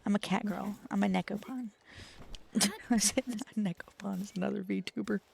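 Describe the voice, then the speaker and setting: A woman's voice: mid-range voice, fairly even intonation, normal speed, vocal fry, darkish tone, breathy edge. A young woman streamer chatting casually with her viewers, laughing often and swearing freely. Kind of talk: casual live-stream chat.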